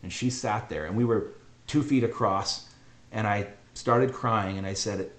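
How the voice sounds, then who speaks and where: A middle-aged man telling a heartfelt personal story on a podcast, earnest and emotional, often halting and repeating himself. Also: lowish voice, fairly bright tone. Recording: roomy echo.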